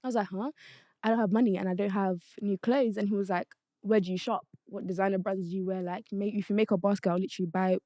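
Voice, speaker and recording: A woman's voice: medium pitch, steady tone, fast talker, dark tone, no room sound. A young woman hosting a podcast, telling a story bluntly and animatedly, swearing freely. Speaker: podcast host. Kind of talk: casual chat, storytelling.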